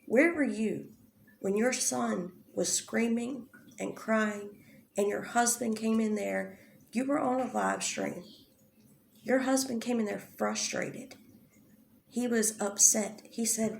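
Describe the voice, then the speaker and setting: A woman's voice: a little high, measured pace, gravelly, slight background noise. A woman giving an angry commentary rant, firing off confrontational rhetorical questions and swearing often. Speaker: drama commentary youtuber. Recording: echoey room.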